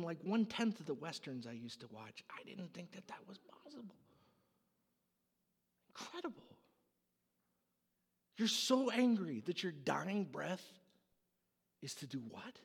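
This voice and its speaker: Slow, lively, husky-voiced preacher. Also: male voice, fairly high pitch, big-room sound. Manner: storytelling, dramatic, animated. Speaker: pastor. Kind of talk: sermon.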